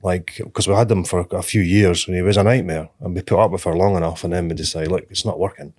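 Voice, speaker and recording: A man with a low voice talks in a casual podcast chat. He stays calm and measured and speaks plainly, giving advice from experience. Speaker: podcast co-host.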